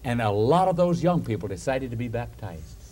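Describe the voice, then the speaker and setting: A man preaching a storytelling sermon, an animated storyteller who chuckles between points and puts questions to his listeners. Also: medium pitch, brisk.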